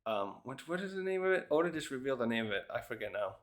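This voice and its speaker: A man talks through a manga chapter in a loose, conversational way. He wanders from point to point, thinking aloud, and often breaks off a sentence to start it again. His voice sits at an ordinary middle pitch. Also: very animated, fast. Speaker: manga reviewer. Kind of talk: casual review commentary.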